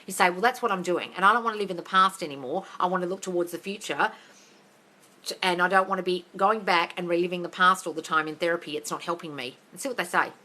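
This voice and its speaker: Bright-voiced woman ranting on a livestream. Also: fairly low pitch, quick pace, low-quality recording. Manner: blunt, sweary, ranting, yells a lot. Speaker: manifesting coach answering live chat questions. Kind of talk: livestream Q&A, reading out viewer comments. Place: home desk area. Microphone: livestream on phone or computer.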